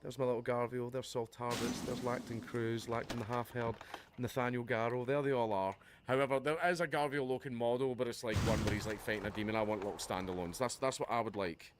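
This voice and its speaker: A livestream host delivering a heated, profane, sarcastic reaction rant. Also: male voice, mid-range voice, fairly even intonation, fast. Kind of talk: ranting reaction commentary. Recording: noticeable background noise.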